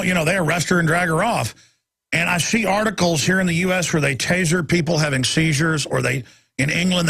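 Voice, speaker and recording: A man in his forties hosting a radio talk show, ranting in an animated monologue and mocking people in high put-on voices. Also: vocal fry, breathy edge, no echo.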